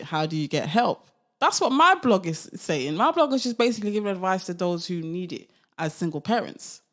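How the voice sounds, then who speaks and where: Young woman on her own podcast, casual and animated, lots of laughs and rhetorical questions. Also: mid-range voice. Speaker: podcast host. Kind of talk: casual solo podcast monologue.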